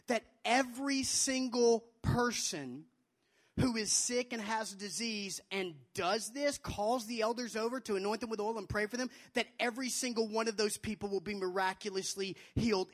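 Young male youth pastor, emphatic preaching, repeats lines for weight. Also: a bit bright. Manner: emphatic, repeats phrases, acts out quotes in a high childlike voice. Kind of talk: sermon to students.

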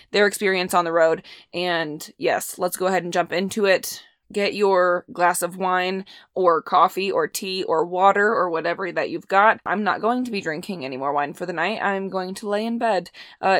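Young Midwestern woman hosting a solo podcast, rambly and loose after some wine; lower voice, dead-dry close recording. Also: a bit bright, dry recording. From Indiana, USA. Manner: rambling, chatty, with many fillers. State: a bit tipsy from wine. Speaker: podcast host. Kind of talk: casual solo podcast chat.

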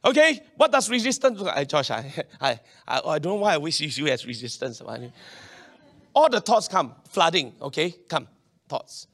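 High-voiced pastor preaching. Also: male voice, moderate pace. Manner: animated, acts out quoted voices, swings between loud and quiet. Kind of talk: sermon.

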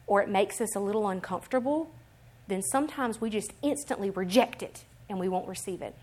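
A woman preaching a sermon in an animated, emphatic way, swinging between quiet explanation and loud, rising declarations. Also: medium pitch. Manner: acts out other people's voices in quotes.

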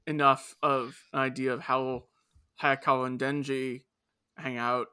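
A man's voice: medium pitch, little pitch movement, a little slow, sharp tone, clear, resonant tone. A man speaking bluntly on a podcast panel, swearing as he gives his views. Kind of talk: casual chat.

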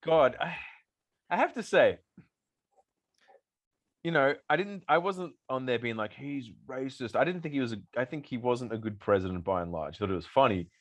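A man's voice: medium pitch, lively intonation, normal speed, pauses often. A man co-hosting a casual podcast chat, laughing and swearing often. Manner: laughing, swearing, mocking impressions. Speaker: podcast co-host.

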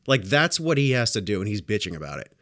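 A man's voice: on the low side, quick pace, no echo, clean studio sound. A man who works as a home health nurse tells work stories in a casual, blunt, profane rant. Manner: animated, acts out dialogue in other voices. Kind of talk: casual storytelling monologue.

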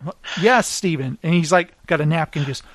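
A man hosting a podcast, telling stories in casual chat and mimicking friends with quick voice shifts. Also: a little high, no room sound. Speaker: podcast host.

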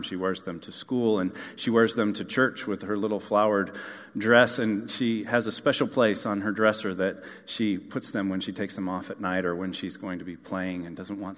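Conversational pastor with hall reverb. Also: male voice, lowish voice, fairly bright tone. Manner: conversational storytelling with frequent fillers. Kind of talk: sermon. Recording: long church hall reverb.

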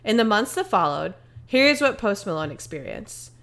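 A woman's voice: medium pitch, big pitch swings, moderate pace, fairly bright tone. A young woman co-hosting a casual podcast, telling a story in a rambling way with many fillers. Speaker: podcast co-host. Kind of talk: casual chat.

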